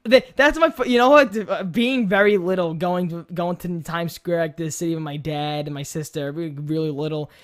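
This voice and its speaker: A young man, co-hosting a casual podcast, telling rambling stories full of swearing and loud acted-out quotes. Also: on the high side, brisk, few pauses. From New York. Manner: rambling storyteller, swears a lot, acts out quotes loudly. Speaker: podcast co-host, YouTuber. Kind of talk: casual chat.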